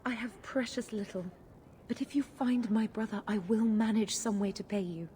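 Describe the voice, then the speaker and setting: A worried townswoman, voiced by a woman, who keeps her voice low and close to a whisper as she begs for help, her pitch sitting in an ordinary middle register. A faint hiss of noise sits under the video game audio. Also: normal speed, lightly acted. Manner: hushed, half-whispered pleading. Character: anxious woman whose brother went missing.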